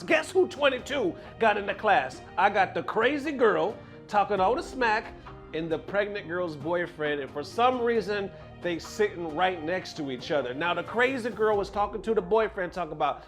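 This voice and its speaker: A young man telling a true school story to viewers, animated and full of slang. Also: high-pitched, moderate pace, faint music behind. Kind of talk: storytime vlog.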